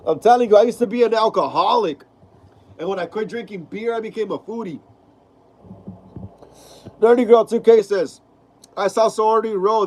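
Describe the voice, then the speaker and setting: A man's voice: high-pitched, a little mellow, poor audio. A man hosting a horror film live stream, sick with a clogged nose that makes him sound stuffy and nasal. He reads out viewer comments in a laid-back, slangy way, repeating his phrases and calling viewers "bro.".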